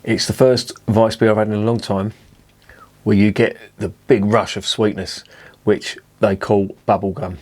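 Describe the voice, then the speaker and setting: A man's voice: on the low side, little pitch movement, a little slow, darkish tone. A man casually reviewing a beer at home, chatty and self-mocking, swearing freely. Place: indoors at home with curtains drawn.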